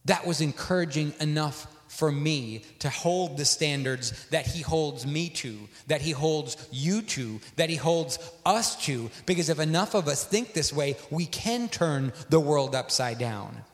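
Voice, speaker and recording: A male preacher delivering a sermon in an animated storytelling manner, acting out dialogue. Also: fairly high pitch, measured pace, few pauses. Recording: long hall reverb.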